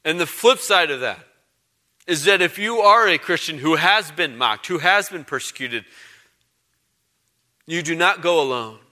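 A man's voice: on the high side, animated, a little slow, pauses often, sharp tone. A male pastor giving a conversational sermon, emphatic and given to repeating phrases for weight.

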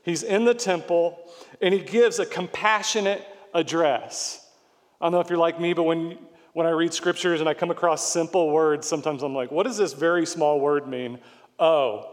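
A man's voice: sits high, long reverb tail. A middle-aged man preaching a sermon as pastor, explaining scripture in an earnest, emphatic way.

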